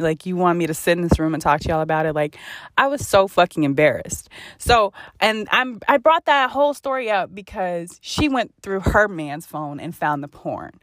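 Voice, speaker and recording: A woman in her twenties hosting a podcast, telling a candid personal story in a blunt, profane, animated way. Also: medium pitch, no echo, studio quality. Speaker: podcast host.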